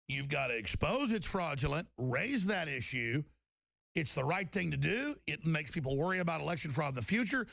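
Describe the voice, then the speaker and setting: A man's voice: on the high side, gravelly, a bit bright, no echo. A man hosting a talk-radio show, delivering an emphatic, rambling monologue and often repeating himself.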